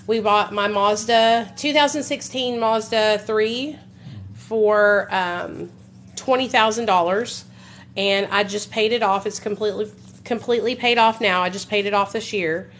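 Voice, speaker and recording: A woman's voice: mid-range voice, unhurried, fairly bright tone, slight background noise. Blunt, outspoken woman telling her story. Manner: blunt, emphatic, swears freely, addresses viewers directly. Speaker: vlogger. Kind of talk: candid live-stream storytelling.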